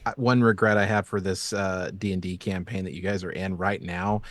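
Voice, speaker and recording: Joking mid-pitched man in casual chat. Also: a little fast, no room sound. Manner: relaxed, joking, trails off. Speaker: game master and co-host.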